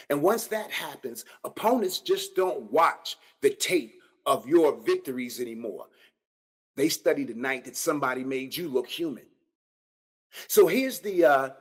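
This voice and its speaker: A man's voice: medium pitch, slightly rough. A man hosting a combat-sports podcast, breaking down a fight and talking straight to his viewers with casual slang. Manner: animated, addresses viewers directly with slang. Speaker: podcast host. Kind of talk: solo fight-analysis podcast.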